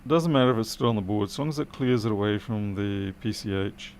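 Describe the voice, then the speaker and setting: A man's voice: on the low side, fairly quick, a little mellow, slight background noise. A tired man streaming a late-night electronics repair, muttering as he works and answering live chat with dry, self-deprecating remarks.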